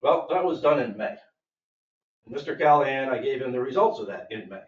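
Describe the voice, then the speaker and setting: At a public board meeting, a property owner with a medium-pitched voice delivers his complaint briskly and with animation, quoting others in an emphatic, aggrieved account. The audio is dull and echoey from a distant mic.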